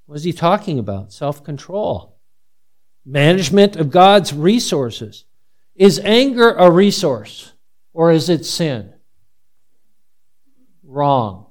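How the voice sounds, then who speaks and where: Animated preacher man asking questions. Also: on the high side, takes it slowly, pauses often. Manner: animated, asks the congregation many questions. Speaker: pastor. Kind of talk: sermon.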